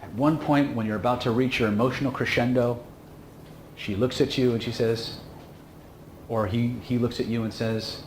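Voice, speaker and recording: A man lecturing a seminar crowd in a casual, emphatic way. His voice sits at an ordinary middle pitch. It rings in an echoey room over a faint hum. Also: fairly even intonation, moderate pace. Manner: casual, emphatic, with frequent "okay?" checks. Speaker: instructor.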